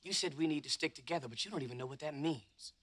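A defiant young teammate, accusing, bright tense tone, slightly high. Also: male voice, quick pace. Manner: intense, accusing. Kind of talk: film dialogue.

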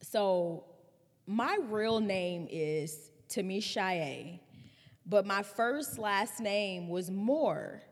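A woman in her thirties hosting a podcast, telling a personal story in a candid, animated way. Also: medium pitch, very slow, long reverb tail. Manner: candid, animated retelling with laughs and swearing. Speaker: podcast host.

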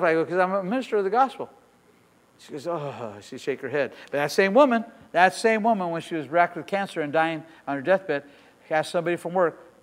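A middle-aged man pastor preaching a sermon with personal stories, swinging between soft asides and loud emphatic declarations. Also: fairly high pitch, expressive, a little fast, big-room sound.

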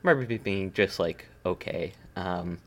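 A man co-hosting a podcast, chatting casually in a rambling, animated way full of fillers and restarts. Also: deep voice, normal speed. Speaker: podcast co-host. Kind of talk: casual chat. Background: desk smacking.

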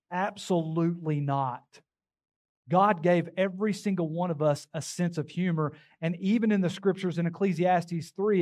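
A man's voice: a little high, darkish tone. A man preaching a sermon as pastor, emphatic and calling out to the congregation.

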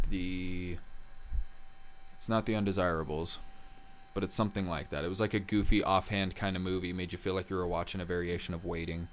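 This young podcast co-host rambles through a casual chat, full of filler words and false starts. He has a low voice with fairly even intonation, talks at a normal speed with long pauses, and there's a slight hiss or hum in the recording.

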